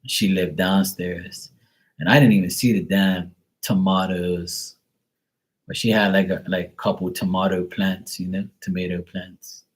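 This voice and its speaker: Blunt low-voiced tarot reader. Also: male voice, flat delivery, measured pace. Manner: blunt, profane, rambling storyteller. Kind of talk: casual live stream chat.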